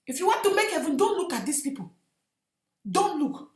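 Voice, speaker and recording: High, lively woman preaching fervently. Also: normal speed, roomy sound. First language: not English. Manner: impassioned, shouting bursts, addresses listeners as my sister. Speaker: evangelist preacher. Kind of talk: fervent sermon.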